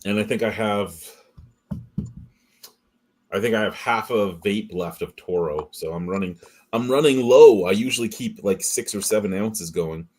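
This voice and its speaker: A man hosting a casual podcast chat, telling animated stories and swearing freely. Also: fairly low pitch, moderate pace. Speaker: podcast host. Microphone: streaming call setup.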